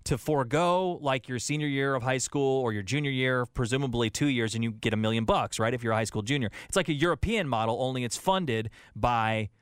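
A man's voice: mid-range voice, fairly quick, hardly any pauses, clear, resonant tone, no echo, studio quality. A man co-hosting a sports radio show, talking casually and rambling with many restarts. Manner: rambling, with frequent restarts and filler.

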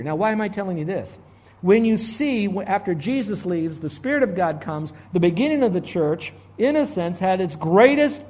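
A middle-aged man preaching a sermon as a pastor, animated, swinging between loud emphasis and hushed asides. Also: sits high.

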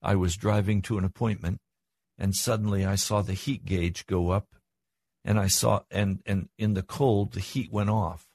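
A man's voice: steady tone, moderate pace, darkish tone. An older man preaching a sermon as pastor, earnest, with his voice rising for emphasis. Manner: earnest, rises in pitch for emphasis.

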